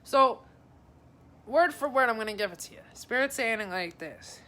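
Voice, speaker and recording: A woman's voice: a little high, lively intonation, normal speed, bright, forceful tone, slight background noise. A woman giving a casual live psychic reading, chatting to viewers by name and passing on messages in a friendly, rambling way. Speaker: psychic advisor.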